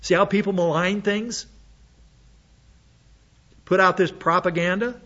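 A man's voice: high voice, steady tone, a little slow, a bit bright, highs cut off. A man preaching an expository sermon, reading scripture aloud and commenting on it with blunt sarcasm.

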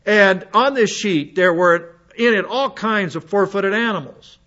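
A high-voiced man teaches a congregation from scripture. He reads a passage, then slips into chatty asides and questions to the room. The recording sounds dull and muffled. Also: a little slow, pushed and bright. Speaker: preacher. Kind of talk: Bible teaching sermon.

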